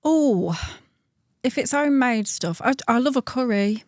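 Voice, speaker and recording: A woman's voice: a little high, lively intonation, a little slow, no echo. A woman, a guest on a podcast, chatting in a wry, self-deprecating way in a small studio. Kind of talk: casual chat.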